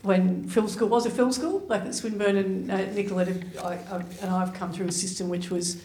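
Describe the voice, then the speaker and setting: A woman from the audience asking a question, halting and full of "uh"s. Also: medium pitch, fairly even intonation, dark tone, roomy sound, slight background noise. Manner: halting, many "uh"s.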